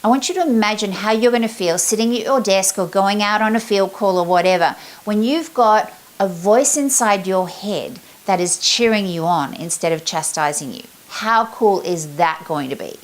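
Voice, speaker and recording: A woman's voice: medium pitch, normal speed, few pauses. A middle-aged woman, giving a chatty, upbeat motivational talk as a sales confidence coach. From Australia. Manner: upbeat, chatty, acts out her examples.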